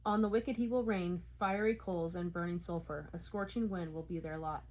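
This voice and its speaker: Woman, lowish voice, measured psalm reading, co-host. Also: fairly even intonation, darkish tone, rough recording. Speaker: Bible reader.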